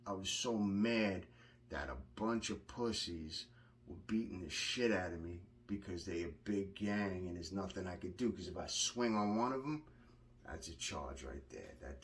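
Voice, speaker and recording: A low-voiced man talks bluntly and curses freely as he rambles through a story, doubling back on his words. He sits a little off from the mic, with a faint hiss of noise behind him. It is a loose monologue delivered straight to the camera. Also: normal speed, distant mic. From Long Island, New York. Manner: blunt, profane, rambling with restarts. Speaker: vlogger recounting prison experiences.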